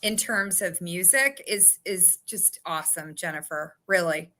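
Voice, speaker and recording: A woman's voice: lowish voice, unhurried, sharp tone. A woman co-hosting an interview, gushing with praise and getting emotional. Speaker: co-host. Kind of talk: casual interview chat.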